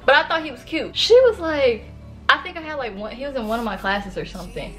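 A woman's voice: mid-range voice, fairly bright tone. A woman in her early twenties from Sacramento tells a casual storytime, talking straight to her viewers with lots of fillers. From Sacramento, California. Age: early 20s. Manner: chatty, filler-heavy, addresses viewers as y'all. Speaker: vlogger.

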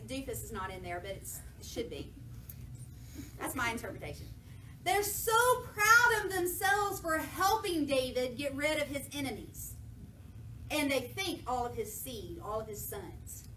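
Bright-voiced woman preaching from afar. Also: sits high, measured pace. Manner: lively, jokey, acts out voices of people in the story. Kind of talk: sermon with playful paraphrase. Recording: echoey church from a distance, faint noise.

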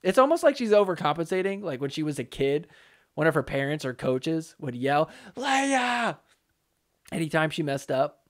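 A man's voice: on the high side, expressive, brisk. A man hosting a solo pickleball commentary podcast, talking casually and joking around. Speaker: podcast host.

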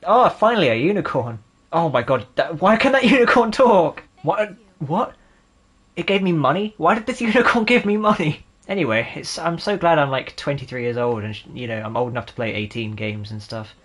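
A young man in his twenties hosts a let's-play of a game, with sarcastic and jokey commentary. His voice sits a little high, and he often breaks into laughter between dry remarks. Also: expressive, a little fast, a bit bright, husky. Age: 20s. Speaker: gaming channel host.

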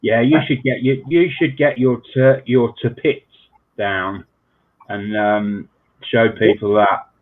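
A man's voice: medium pitch, steady tone, takes it slowly. A man chatting casually as a guest on a live stream over a video call. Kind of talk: casual chat. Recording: tinny phone-like video call.

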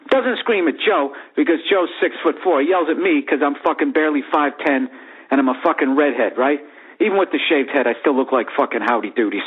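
A man's voice: on the high side, slightly rough. A man in his forties telling a profane, comedic story on his podcast and acting out the other people in it. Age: 40s. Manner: profane, animated, acts out voices in the story. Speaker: podcast host. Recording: tinny phone-like sound.

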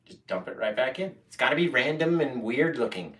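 A playful, excitable man leading a live painting tutorial, often echoing words back. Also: medium pitch, brisk, far from the mic. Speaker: painting instructor.

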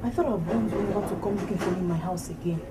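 A woman's voice: on the low side, fast talker, very noisy, lightly acted. A woman playing a young girlfriend in a comedy film, scolding and defensive. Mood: annoyed. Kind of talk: Nollywood comedy film acting.

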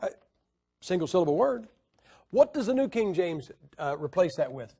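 Male preacher, high voice, combative teaching tone with lots of "uh" pauses. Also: big pitch swings, gravelly, dark tone, slightly rough. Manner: argumentative, rhetorical questions, hesitant fillers. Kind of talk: Bible teaching lecture.

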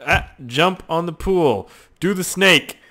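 Excitable, swearing young man gaming. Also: high voice, slow pace. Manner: loud, excitable, swearing, frequent yelps and shouts. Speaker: gaming YouTuber. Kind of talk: gaming commentary.

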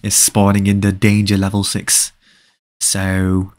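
A man's voice: low-pitched, completely flat delivery, slow pace. A young man chatting casually with viewers during a live game stream, often repeating short phrases.

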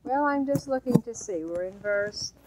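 A woman's voice: on the high side, expressive, normal speed, a little hiss or hum, low-quality recording. A woman teaching an informal Hebrew Bible lesson, chatty and quizzing her class. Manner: chatty, asks the class questions, loose asides.

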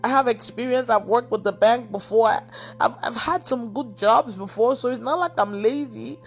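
A woman's voice: fairly high pitch, moderate pace, creaky, soft background music. A woman preacher giving an emotional testimony, acting out the dialogue as she tells it. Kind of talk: testimony sermon.

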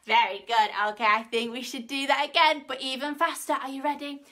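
A woman's voice: high voice, steady tone, fairly quick. Sing-song Northern English woman leading toddlers. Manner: bright sing-song coaxing, gasps and cheers. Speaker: children's workshop leader. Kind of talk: singing nursery rhymes and leading movement games for toddlers. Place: home room, live stream. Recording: faint ukulele playing behind her.

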